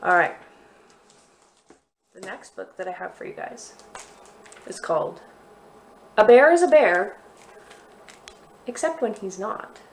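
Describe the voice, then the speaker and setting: Woman, librarian, children's story time, slow friendly chat, faint room hum. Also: mid-range voice, very animated. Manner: friendly, chatty guiding of actions.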